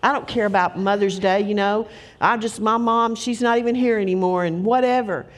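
A woman's voice: mid-range voice, steady tone, a little fast. A middle-aged woman preaching a sermon, telling stories in an earnest, emphatic way.

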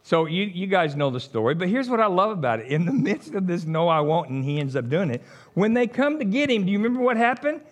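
A middle-aged man, preaching a sermon as an animated storyteller who chuckles along. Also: high voice, fast.

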